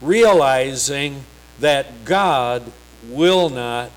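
A man preaching a sermon, reading scripture slowly and emphatically, with rising, pleading passages. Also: mid-range voice, animated, clear, resonant tone, poor audio.

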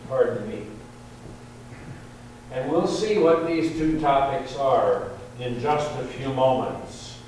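A man preaching a sermon, slow and deliberate, lifting his voice on quoted verses. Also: mid-range voice, a little mellow. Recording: very echoey hall, distant mic, faint hum.

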